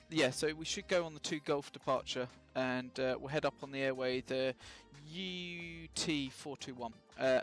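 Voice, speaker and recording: Gravelly, chatty man streaming. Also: fairly high pitch, a bit bright. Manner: chatty, self-mocking jokes, many ums and uhs. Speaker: flight sim streamer. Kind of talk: casual live-stream commentary.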